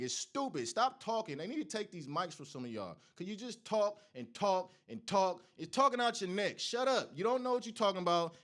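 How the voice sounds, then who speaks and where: A man's voice: high voice, a bit bright. A man hosting a sports show, delivering a heated, profane college football rant that trash-talks rival fans. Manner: Oregon fan taunting rival fans.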